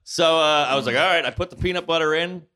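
A man's voice: fairly high pitch, quick pace. A man hosting a podcast, telling a comic story with lots of energy and acting out screams along the way. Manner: loud excitable storyteller who acts out screams. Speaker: podcast host. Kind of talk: animated comedic storytelling. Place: on-the-road recording with guests.

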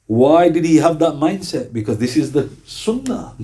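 British guy preaching casually, kinda high voice but mellow, keeps asking the crowd questions. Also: very animated, moderate pace, hardly any pauses. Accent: British English. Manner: conversational, questioning the audience. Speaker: Islamic preacher. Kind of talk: sermon.

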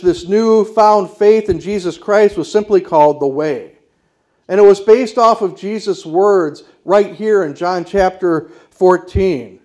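High-voiced man preaching emphatically. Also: a little mellow. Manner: emphatic, declarative preaching with rhetorical questions. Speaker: pastor. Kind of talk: sermon.

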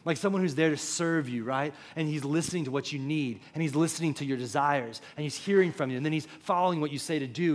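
Young pastor preaching. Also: male voice, a little high. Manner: conversational preaching, quick asides to the congregation. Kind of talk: sermon. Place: church auditorium.

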